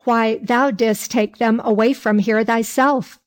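Sly, whining innkeepers from an old folk tale, as a woman reads them aloud. The voice is fairly high and unhurried. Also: fairly even intonation, natural voice.

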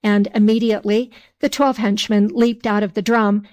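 A woman narrating an old folk tale aloud in a calm storybook reading. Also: medium pitch, moderate pace.

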